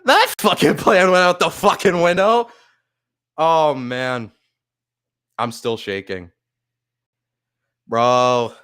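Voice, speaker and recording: A man's voice: a little high, slow pace, pauses often, fairly bright tone, smooth. A man hosting a casual sports live stream, overwhelmed and near tears, laughing often and swearing as he thanks viewers. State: overwhelmed, shaky, close to tears.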